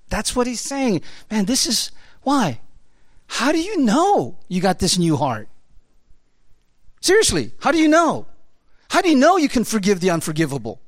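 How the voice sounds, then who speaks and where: Pastor, sermon delivery, lively pitch swings, dry close sound, punchy rhetorical questions. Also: no echo. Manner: emphatic, rapid-fire rhetorical questions; conversational, repeats key phrases.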